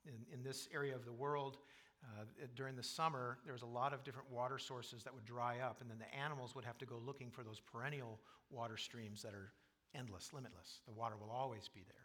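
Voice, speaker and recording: A man preaching a sermon as pastor, reading scripture and building to loud, emphatic passages. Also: mid-range voice, fairly even intonation, quick pace. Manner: quotes scripture aloud.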